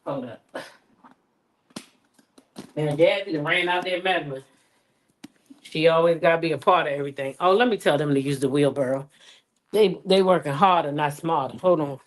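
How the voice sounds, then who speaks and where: This woman's low-pitched voice moves at a normal speed with frequent pauses, and she's slightly congested from a cold. She hosts a casual backyard live stream, chatting and calling out viewers by name, captured on a phone on a selfie stick with poor audio.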